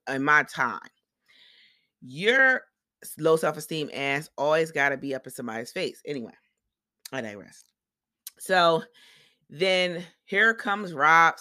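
Sassy podcast host ranting, swears a lot, acts out quotes, bright dry voice. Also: mid-range voice, no room sound. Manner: animated, acts out others' quotes in quick voices; blunt and sassy, heavy swearing. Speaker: podcast host reviewing a reality show. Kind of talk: casual profane recap monologue.

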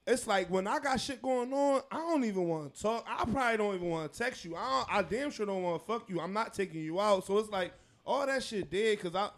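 Young male host, high voice with a lively swing, blunt street talk, drawn out. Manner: blunt, slangy, drawn-out phrasing. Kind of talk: casual chat.

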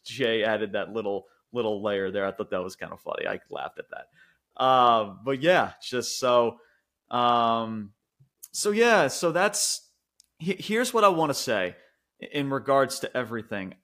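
A man co-hosting a podcast, giving an animated, rambling review in casual chat with frequent restarts. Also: mid-range voice, a little slow. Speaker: wrestling podcast co-host.

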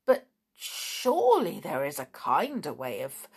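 A woman's voice: sits low, wildly swooping pitch, unhurried, breathy edge, heavily acted. Woman doing a kind, pleading old lady. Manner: pleading, gentle.

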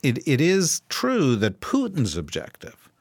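A man's voice: on the high side, huge pitch swings, measured pace, no room sound. A man hosting a political podcast in casual chat, wry and joking, rambling through his points. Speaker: podcast host.

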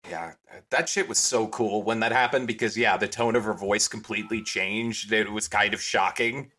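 A man's voice: on the low side, fairly even intonation, normal speed, bright, forceful tone. A man in a casual chat, laid-back, mostly making short remarks.

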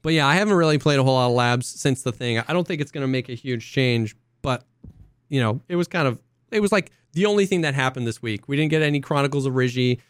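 A young man co-hosting a casual podcast, an excitable storyteller who acts out quotes in high voices. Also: fast, smooth, no room sound. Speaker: podcast co-host. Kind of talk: casual chat.

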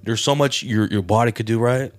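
A man co-hosting a podcast, talking in animated slang, saying bro a lot and swearing. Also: mid-range voice, fairly quick, no room sound. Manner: animated, slangy, says bro constantly, profane. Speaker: podcast co-host. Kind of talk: casual chat.

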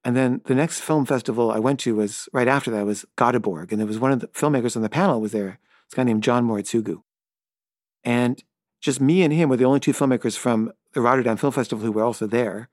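A middle-aged man tells a story off the cuff at an ordinary, mid-range pitch. His talk wanders, packed with "like" and "kinda", and he stumbles over his own words when flustered. The sound is close and dry, with no room around it. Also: quick pace, a little mellow, dry recording. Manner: loose and rambling, full of "like" and "kinda"; stammers and repeats himself when flustered. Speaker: filmmaker. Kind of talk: casual spoken anecdote.

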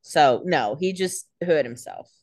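A sarcastic woman on a podcast, trading dry wisecracks about a show. Her voice swings up and down a lot, so she sounds animated. She is recorded close and dry. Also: low voice, a little slow, no room sound. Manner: sarcastic, teasing asides. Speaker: podcast co-host. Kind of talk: casual chat, wisecracks.

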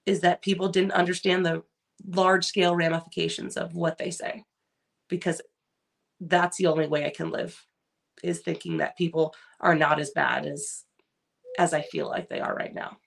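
Middle-aged woman from California, podcast co-host, gravelly voice, rambling casual delivery. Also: lowish voice, steady tone, normal speed. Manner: rambling, full of "like" and restarts. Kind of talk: casual chat.

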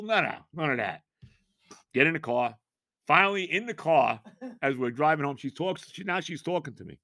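An older man in his sixties hosts a podcast and tells a story in a loose, rambling way, doubling back on his words as he goes. His voice sits a bit high and sounds bright and forceful. The recording is dry and close, with no room sound. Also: moderate pace, dry recording. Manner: animated, rambling, repeats himself and laughs at his own story. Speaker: podcast host. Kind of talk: casual storytelling monologue.

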